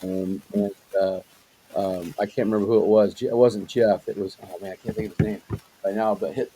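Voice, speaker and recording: A man's voice: on the low side, level tone, a little fast, warm tone, slightly rough, poor audio. A man hosting a casual interview, talking loosely and rambling, with lots of fillers and agreeing noises. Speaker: host.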